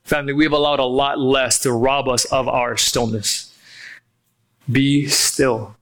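A man preaching a sermon as pastor, emphatic, asking rhetorical questions and slowing down on key phrases. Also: mid-range voice, little pitch movement, a bit bright.

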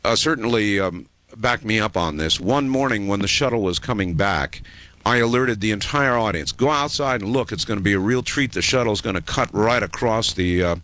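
A man's voice: lowish voice, animated, moderate pace, fairly bright tone, no room sound. A man hosting a late-night radio talk show, telling stories in a rambling, hesitant way with lots of fillers. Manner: rambling, hesitant, folksy storytelling with many fillers.

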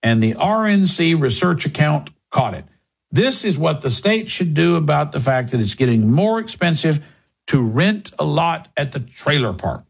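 A man's voice: on the high side, very animated, moderate pace, vocal fry, breathy edge. A man hosting a political commentary show, delivering a sarcastic, mocking opinion monologue.

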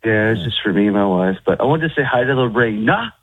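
Husky male caller on a phone line. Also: on the low side, lively intonation, fast, dry recording. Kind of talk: casual call-in chat.

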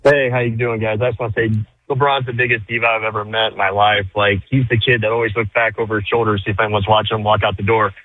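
A male caller complains bluntly and talks fast, his voice at an ordinary middle pitch. It reaches the studio over a tinny phone line. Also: little pitch movement, no echo.

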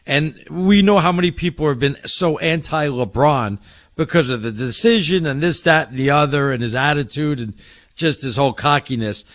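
A man's voice: on the high side, moderate pace, fairly bright tone, dry recording. A man co-hosting a sports radio show, chatting casually and reacting with incredulous chuckles.

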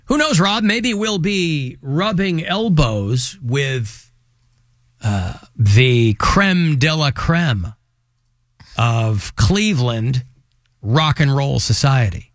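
A man's voice: mid-range voice, animated, drawn-out words, no echo. A radio host in his fifties, originally from Manchester, England, bantering in a wry, joking way in a studio.

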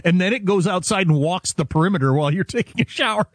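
A man's voice: high-pitched, lively intonation, fast talker, husky, no room sound, studio quality. A man co-hosting a talk radio show, chatting casually in a wry, rambling way with lots of fillers.

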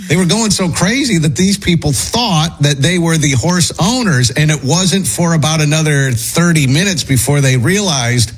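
A man's voice: on the high side, expressive, normal speed, hardly any pauses, slightly rough. A man telling a long rambling story in casual chat, full of fillers and restarts. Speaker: storyteller on a talk show.

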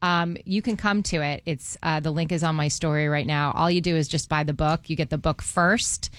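A woman's voice: low voice, steady tone, normal speed, a bit bright, dry recording, studio quality. A woman co-hosting a radio show, talking eagerly and full of "like" while plugging book events. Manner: enthusiastic, uses "like" a lot. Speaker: radio co-host running a book club. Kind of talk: casual morning radio banter.

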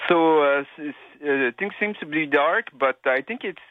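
A man from Quebec with a Québécois French accent, calling in to a radio show and speaking in a halting way with many restarts. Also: fairly high pitch, no room sound. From Quebec, Canada. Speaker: caller. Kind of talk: call-in radio chat. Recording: dry tinny phone line.

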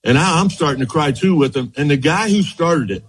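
An older man with a husky, slightly breathy voice that sits a little high for a man. He tells his stories with lots of energy, laughs often and keeps saying "as you know" to his host. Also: animated, fairly quick, low-quality recording. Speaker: former baseball pitcher, guest. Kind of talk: reminiscing storytelling.

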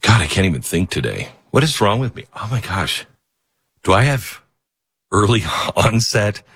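A middle-aged man hosting a talk radio show, rambling and self-mocking, with sudden shouted outbursts. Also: lowish voice, sing-song, moderate pace, slightly rough, dry recording. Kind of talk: talk radio monologue and host-read ads.

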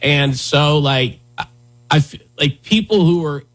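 A man's voice: on the high side, measured pace, a bit bright. A male radio host talking casually in a rambling, conversational way with lots of fillers. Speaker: radio talk show host. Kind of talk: casual talk radio chat.

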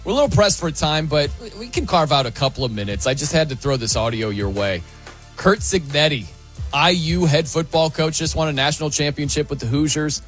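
A man hosting a sports radio show, lively and enthusiastic, tossing banter to his co-hosts. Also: a little high, brisk, faint music behind.

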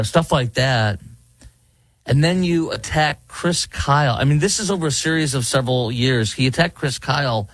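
A man's voice: mid-range voice, no room sound. A man, hosting talk radio and giving indignant, rambling commentary. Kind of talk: opinionated commentary. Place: studio in Dallas.

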